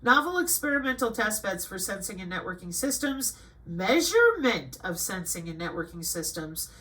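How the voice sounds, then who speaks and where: A woman's voice: mid-range voice, normal speed, low-quality recording. A middle-aged woman hosting her own channel, reading a list of items aloud and breaking off into sarcastic, scolding commentary. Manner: scolding and sarcastic, jumping between flat reading and emphatic outbursts. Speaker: channel host.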